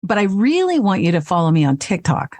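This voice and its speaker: A frank, animated woman speaks as an interview guest, her voice sitting in a middle register. She swears freely and speaks with energy. The sound is close and dry, with no room around it. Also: mid-range voice, a little fast, dry recording. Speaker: voice actress and guest. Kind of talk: casual interview chat. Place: home recording space.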